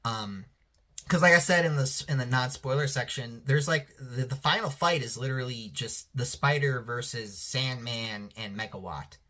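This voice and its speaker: A man's voice: medium pitch, normal speed, bright, forceful tone. A man talking casually as a reviewer, rambling and swearing freely, with many restarts and fillers. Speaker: show reviewer.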